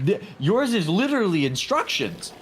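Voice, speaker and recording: A man's voice: high-pitched, big pitch swings, normal speed, slight background noise. A man chatting late at night while gaming with friends, playful, joking and giggly.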